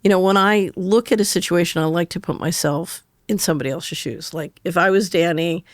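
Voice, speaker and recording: A woman's voice: lowish voice, brisk, no room sound, studio quality. An older woman, a guest on an interview show, telling anecdotes in a chatty way and laughing through her stories. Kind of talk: conversational storytelling interview.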